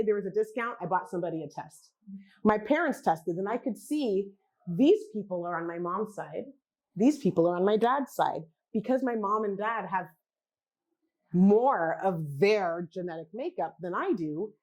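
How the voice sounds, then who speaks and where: A woman giving a conversational talk at a wellness summit, animated, posing questions to the audience and acting out what other people say. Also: mid-range voice. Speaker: genealogy practitioner and speaker. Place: summit event.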